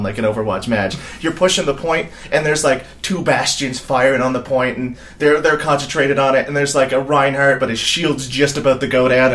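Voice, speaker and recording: A man co-hosting a loose podcast conversation, his voice sitting at an everyday middle pitch. He rambles through his thoughts with plenty of swearing and laughter, sounding mentally worn out. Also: fairly bright tone. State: mentally exhausted. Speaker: podcast co-host. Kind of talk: casual podcast chat.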